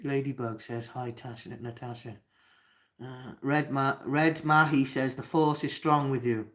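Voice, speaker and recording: A man's voice: medium pitch, fairly even intonation, a little slow, fairly bright tone. A young man with a Cardiff accent, from Wales, hosting a live Q&A and reading out chat comments, talking hesitantly with lots of ums and restarts. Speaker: livestream host.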